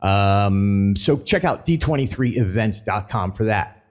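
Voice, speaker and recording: A man's voice: fairly low pitch, expressive, a little slow, darkish tone. A man hosting a casual theme park news vlog, chatty and rambling, stumbling as he reads announcements aloud.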